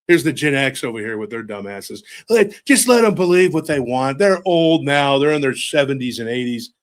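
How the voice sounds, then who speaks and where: A man's voice: medium pitch, lively intonation, normal speed. A man delivering a sardonic, rambling satirical monologue, muttering his asides.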